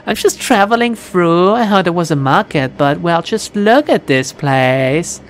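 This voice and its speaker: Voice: medium pitch, lively intonation, measured pace, faint music behind, pitched above the performer's own voice. A streamer voicing a cheerful, hard-drinking young American woman shaman in a put-on Valley Girl accent while reading a game aloud. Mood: bubbly. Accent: attempted American Valley Girl.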